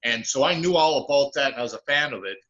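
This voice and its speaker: A man's voice: mid-range voice, expressive, fast talker, fairly bright tone. A man as a guest on a video call, explaining in a matter-of-fact way. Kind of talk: casual video-call chat. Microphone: video call microphone. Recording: dull lo-fi call audio.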